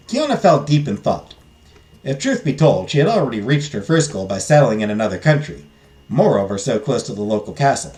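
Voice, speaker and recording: A let's play host narrating a visual novel aloud, with an expressive read. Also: medium pitch, fairly quick.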